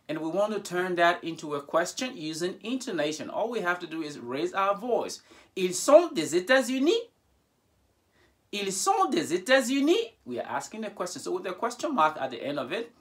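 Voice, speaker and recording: Lively man teaching French grammar. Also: fairly high pitch. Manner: repeats each example aloud, speaking questions with a sharply rising voice. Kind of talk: bilingual grammar lesson.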